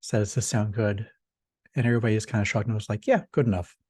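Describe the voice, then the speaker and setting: Husky man, easygoing and dry. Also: on the low side, level tone, fast, darkish tone, no room sound. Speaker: meeting participant. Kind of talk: casual meeting chat.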